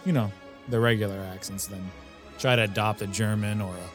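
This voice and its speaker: A man's voice: fairly low pitch, steady tone, quick pace, soft background music. Man rambling through a movie chat. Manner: rambling, frequent restarts. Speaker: podcast co-host. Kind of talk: casual movie discussion.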